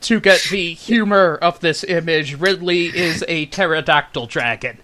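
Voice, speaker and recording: A man's voice: fairly high pitch, measured pace, very noisy. A man from New Jersey co-hosting a casual chat, explaining background for the listeners. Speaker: podcast co-host.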